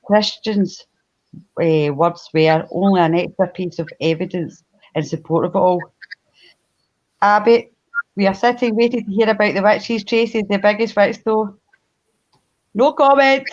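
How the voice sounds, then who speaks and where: A woman's voice: mid-range voice, steady tone, normal speed, darkish tone, dull audio. A woman with a Glasgow accent, co-hosting a live stream, chatty and laughing often as she tells a history story and greets the chat. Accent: Glaswegian. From Scotland. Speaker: podcast co-host. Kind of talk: casual livestream storytelling.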